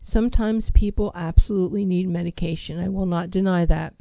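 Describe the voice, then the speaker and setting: A woman counselor speaks in a mellow, warm voice, recorded dry and close. She talks with emphasis, stacking rhetorical questions and repeating her key phrases to drive them home. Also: lowish voice, steady tone, a little fast, creaky, dry recording, poor audio. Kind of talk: motivational talk on mental health.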